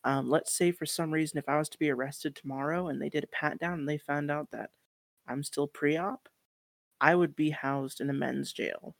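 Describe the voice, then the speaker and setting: A woman's voice: sits low, fairly even intonation, moderate pace, gravelly, no echo. A woman speaking as a guest on a podcast interview, earnest and encouraging, with some casual swearing.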